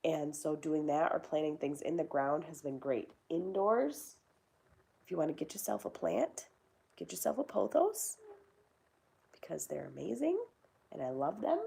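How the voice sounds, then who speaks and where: A woman's voice: deep voice, expressive, moderate pace, gravelly, dark tone, slightly rough. A young woman hosting a casual chat, rambling and swearing now and then. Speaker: host.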